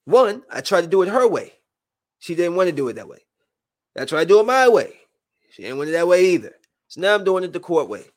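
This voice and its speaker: A young man venting to his viewers in a heated, rambling monologue that swings between low brooding and loud outbursts. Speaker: vlogger.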